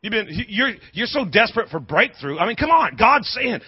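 High-voiced emphatic preacher man. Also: very animated, fairly quick, few pauses, slightly rough, lo-fi sound. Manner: emphatic call-and-response preaching with repetition. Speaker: pastor. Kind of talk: sermon.

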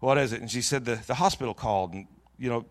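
A middle-aged man preaching in a church, telling a long personal story in a jokey, lively way with many restarts. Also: mid-range voice, fast talker, no echo. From Pacific Northwest of the US. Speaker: pastor. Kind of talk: storytelling sermon.

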